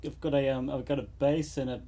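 A man co-hosting a podcast chats casually about guitar pedals in a warm, mid-range voice that stays fairly level. He talks quickly but sounds laid-back, often trailing off and laughing.

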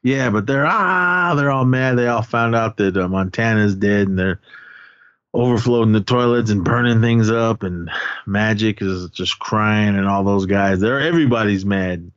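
This podcast co-host, a man with a smooth, lowish voice, speaks at normal speed as he casually recaps a movie, rambling with lots of fillers and performing quotes from it. The recording is dry and sounds dull.

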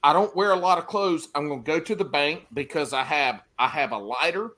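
A man hosting a casual chat, joking loudly and swearing freely. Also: fairly high pitch, brisk. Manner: loud, joking, profane.

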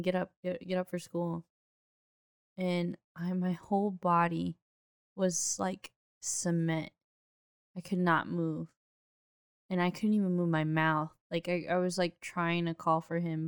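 A woman telling an animated personal story in casual chat, often laughing. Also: on the low side, smooth, no echo, studio quality.

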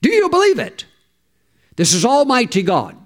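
A man's voice: very high-pitched, huge pitch swings, moderate pace, pitched above the performer's own voice, heavily acted. A man acting out Jesus as a teacher who asks earnest, urgent questions.

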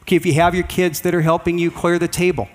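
A man's voice: little pitch movement, fast, big-room sound. A middle-aged man giving a conversational sermon full of family stories, acting out his children in a raised voice. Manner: conversational, anecdotal, acts out quoted kids in a higher voice. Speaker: preacher.

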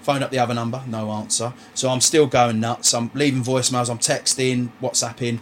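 Male host, casual storyteller, sweary and lively, mid voice, faint background noise. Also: mid-range voice, fairly quick. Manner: animated, swearing, retells dialogue. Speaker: podcast host.

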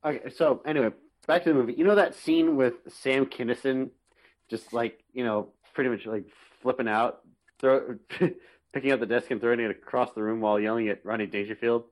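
A man's voice: medium pitch, steady tone, a little fast. A man co-hosting a casual movie podcast over a remote call, laughing often and swearing casually. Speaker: podcast co-host.

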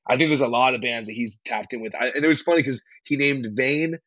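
A young man, a hardcore band singer from California, telling stories in a rambling, slangy, excitable way as a podcast guest. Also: mid-range voice, fast, dry recording, muffled recording. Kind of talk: casual interview chat.

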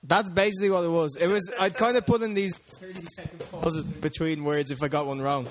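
A man's voice: a little high, fairly quick. A young man co-hosting a casual podcast chat, rambling and poking fun at himself. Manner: chatty, rambling, self-deprecating. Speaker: podcast co-host.

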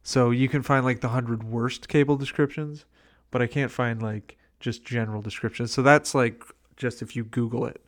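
A man's voice: mid-range voice, steady tone, normal speed. Guy riffing on a bad action movie, dry, mid voice, chatty. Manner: dry, recounts scenes with quoted lines. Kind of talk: casual movie review chat.

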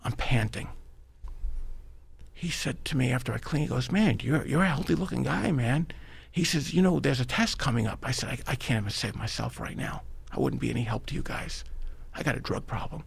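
A middle-aged man from New York with a New York accent, a podcast guest telling his life story in an animated, emphatic way. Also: medium pitch, fairly quick, creaky, husky. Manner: animated, emphatic, addresses the host by name. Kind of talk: storytelling in a conversational interview.

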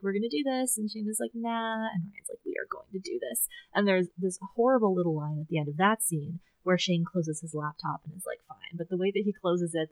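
A woman co-hosting a podcast, recapping a story in animated casual chat, acting out quotes and laughing. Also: lowish voice, dry recording, rough recording. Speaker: podcast co-host.

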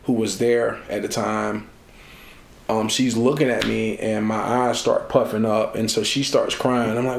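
A man being interviewed, telling a personal story in a lively way and acting out the voices of the people in it. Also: mid-range voice, normal speed, creaky, slight background noise. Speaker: interview guest. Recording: echoey room.

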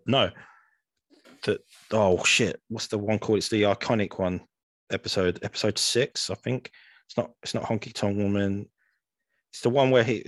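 A young man on a gaming podcast, his voice on the low side and recorded dry and close. He chats in a loose, laid-back way, often dropping "man" and the odd swear. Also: dry recording. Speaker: podcast co-host. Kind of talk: casual chat. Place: home room, green-screen beach backdrop.

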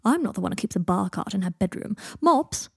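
Woman reading a bossy sharp-tongued witch. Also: medium pitch, animated, gravelly, husky, no room sound. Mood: tart. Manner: brisk and scolding.

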